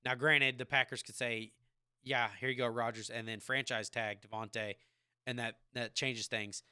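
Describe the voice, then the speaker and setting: A man's voice: medium pitch, normal speed, clear, resonant tone, no echo, clean studio sound. Rambling man talking football. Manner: rambling, animated football fan. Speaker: podcast host. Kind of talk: casual sports chat. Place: home basement man cave.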